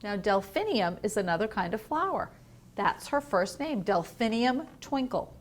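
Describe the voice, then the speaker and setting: A woman teacher reading a picture book aloud to young children in a home learning video, gentle and asking the listener questions. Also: mid-range voice, big pitch swings, normal speed. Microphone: home video recording.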